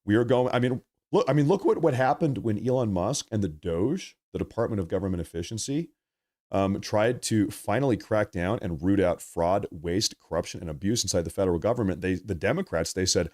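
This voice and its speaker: A man's voice: medium pitch, lively intonation, moderate pace. A young man hosting a live political stream, ranting in a heated, rambling way and reading from the chat. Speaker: political livestream host.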